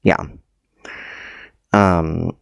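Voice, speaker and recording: Low, slow, hesitant male math tutor. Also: steady tone, gravelly, no echo. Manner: hesitant, many ums and self-corrections. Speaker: math teacher. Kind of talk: livestreamed math lecture.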